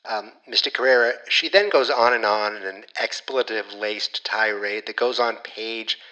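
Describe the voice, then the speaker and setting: A man plays a male lawyer reading out a client's message on a voicemail, stiff and formally polite. The voice is bright and forceful. It is a comedic scripted bit. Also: on the low side, normal speed, low-quality recording. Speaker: voicemail caller.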